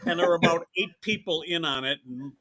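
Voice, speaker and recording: A man's voice: on the high side, fairly quick, pushed and bright. A man guest telling a story in a casual interview, with wry, self-deprecating humor. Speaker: guest, holiday co-creator.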